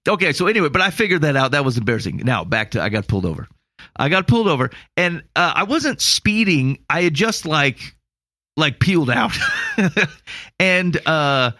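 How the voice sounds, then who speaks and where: A man from Iowa spins a long, self-mocking story in a relaxed chat, often chuckling at his own blunders. His voice sits in an everyday middle pitch and is recorded close and dry. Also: normal speed, no room sound. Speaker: podcast co-host. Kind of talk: casual storytelling.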